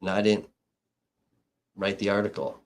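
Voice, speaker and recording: A man's voice: lowish voice, level tone, normal speed, heavy background noise. A man hosting a livestream as an independent reporter, retelling a dispute in casual, heavily profane talk and laughing between points.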